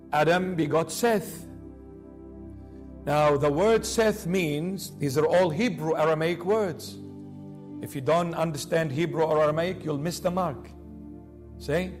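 High-pitched man preaching dramatically. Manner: dramatic, acts out quoted voices, rising and falling emphasis. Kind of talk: sermon.

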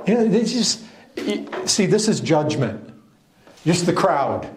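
A man preaching a sermon as pastor, emphatic and animated, full of rhetorical questions and quick restarts. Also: on the high side, reverberant, slight background noise.

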